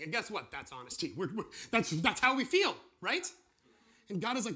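A man's voice: sits high, normal speed. A man teaching a casual sermon, drawing on a board as he talks and acting out what God and believers say. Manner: animated, acts out voices of God and believers. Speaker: preacher teaching a series.

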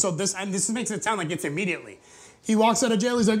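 A man's voice: sits high, lively intonation, quick pace, darkish tone. A man preaching a sermon to a congregation, retelling a parable in a conversational, joking way. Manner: conversational, jokey, acts out quotes. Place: church before a live congregation.

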